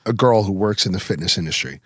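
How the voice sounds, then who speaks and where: A man's voice: deep voice, fast talker, no echo, studio quality. A man hosting a podcast, telling blunt, profane stories in casual chat. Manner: blunt, profane, lively storyteller. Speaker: podcast host.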